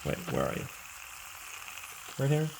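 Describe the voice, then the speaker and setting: A man rambling through a calm, meandering vlog at home while his food cooks. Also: vocal fry, heavy background noise. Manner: slow, meandering and low-key, trailing off. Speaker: vlogger. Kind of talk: rambling casual vlog monologue. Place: at home in a kitchen, cooking. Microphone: phone camera.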